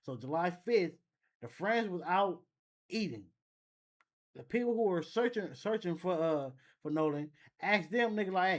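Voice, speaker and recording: A man's voice: high voice, lively intonation, measured pace. A man hosting a reaction video, musing casually and thinking aloud with frequent restarts. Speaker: reaction channel host.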